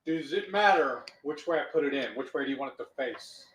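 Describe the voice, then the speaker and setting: A man's voice: mid-range voice, lively intonation, fairly quick, breathy edge. A man co-hosting a live cooking stream, chatting and joking casually as he works. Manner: joking, chatty, talks while working. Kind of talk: casual chat while cooking.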